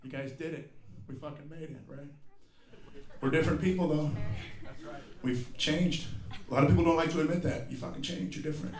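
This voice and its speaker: Here a forties comic works a theater crowd with profane tales, acting out voices and letting out sudden yelps. He speaks briskly in a steady, somewhat high voice. The audio sounds like a spacious live venue, with the audience's laughter audible throughout.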